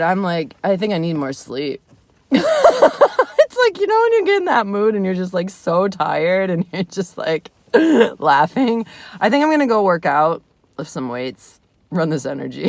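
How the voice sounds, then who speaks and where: A woman's voice: medium pitch, no echo. A woman in her thirties talking to camera from her car, rambling casually, laughing often and swearing freely. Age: 30s. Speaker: vlogger. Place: inside a parked car in the rain.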